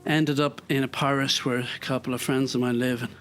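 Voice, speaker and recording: Irish guy musing out loud on his treadmill, meandering and thoughtful, soft music under him. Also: medium pitch, little pitch movement, a little fast. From Ireland. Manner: reflective, rambling, with many fillers. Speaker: podcaster walking a treadmill. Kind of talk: casual thinking-aloud monologue.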